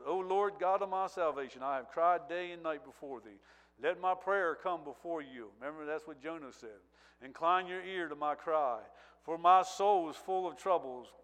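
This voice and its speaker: A fairly high-voiced man preaching, swinging between quiet asides and loud, drawn-out scripture reading. His voice rings out with a long reverb tail, as in a large church hall. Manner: reads scripture with rising intensity, repeated praise interjections.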